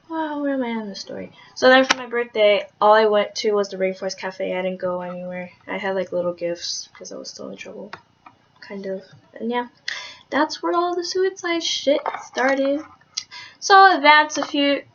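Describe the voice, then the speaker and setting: A young woman talking candidly in a personal vlog, rambling with lots of "like"s and swearing, soft-spoken with hesitant restarts. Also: medium pitch. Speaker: vlogger. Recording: dull lo-fi audio.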